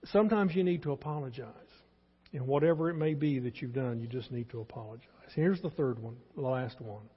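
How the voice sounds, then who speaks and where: A Texan-accented pastor in his sixties preaches in a church sanctuary, his mid-range, slightly rough voice moving fairly quickly as he pleads earnestly and repeats his main points. The recording is dull and lo-fi, with long reverb.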